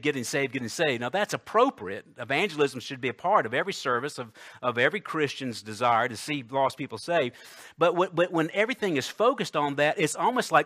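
A man preaching a sermon, emphatic, swinging between loud declarations and hushed asides, reading scripture slowly. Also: fairly high pitch. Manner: reads scripture aloud slowly and deliberately.

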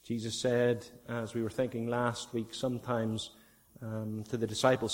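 A man's voice: mid-range voice, flat delivery, moderate pace. A man with a Northern Irish accent preaching a sermon, earnest and repeating key phrases for emphasis. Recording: long hall reverb.

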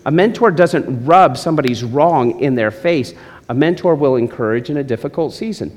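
A man's voice: medium pitch, lively intonation, normal speed, darkish tone. Joking male pastor in reverberant hall. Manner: joking, teasing the congregation. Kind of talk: sermon.

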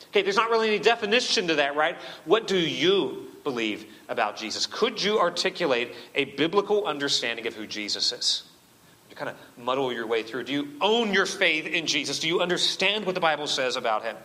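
A man's voice: a little high, animated, a little fast, pushed and bright. Man, pastor, sermon, emphatic, rhetorical questions, long church reverb.

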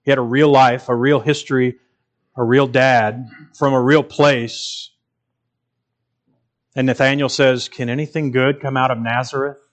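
A man's voice: medium pitch, flat delivery, measured pace. A man preaching a sermon in an earnest, emphatic way, repeating phrases for stress.

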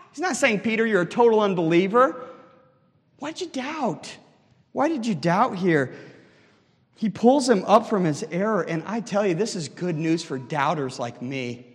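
A man with a high voice preaches in earnest, stopping often to put rhetorical questions to his listeners. His voice rings through a hall, and a long reverb follows each phrase. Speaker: pastor. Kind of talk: sermon.

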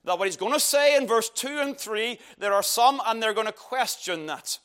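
A man's voice: high voice, lively intonation, moderate pace, a bit bright, clear, resonant tone. A man preaching an expository sermon, emphatic and asking rhetorical questions.

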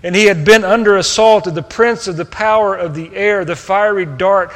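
A man preaching a sermon, earnest, moving between hushed tender passages and raised emphatic ones. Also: sits high, moderate pace. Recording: long reverb of a hall.

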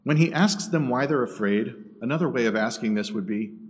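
A man preaching a sermon, dropping to a hush and rising to loud bursts. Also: medium pitch, lively intonation, fairly quick. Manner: dramatic swings between hushed and loud. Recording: echoey hall from a distance.

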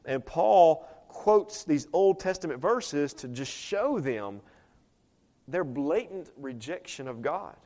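A man preaching a sermon as pastor, animated, acting out quoted voices and swinging between loud and soft. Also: fairly high pitch, slow.

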